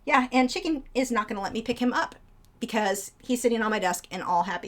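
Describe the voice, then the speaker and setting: Young woman, casual stream host, talkative and rambling, pitch on the higher side. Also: animated, fast talker. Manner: chatty, rambling, high baby-talk to her birds. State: out of breath. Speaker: artist live-streamer. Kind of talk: casual live-stream chat.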